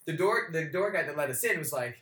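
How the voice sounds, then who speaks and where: A young man spins a rowdy story as a podcast co-host, cursing freely and slipping into the voices of the people he met. His voice sits a bit high and sounds bright and forceful. The room is noticeably echoey. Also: fast. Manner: animated, profane, acts out quoted voices. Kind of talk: casual storytelling chat. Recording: roomy echo.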